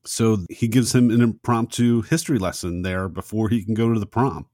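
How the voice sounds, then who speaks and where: Low-voiced man on a dry mic. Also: steady tone, moderate pace, a little mellow, no room sound. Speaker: podcast co-host. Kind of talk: casual movie discussion.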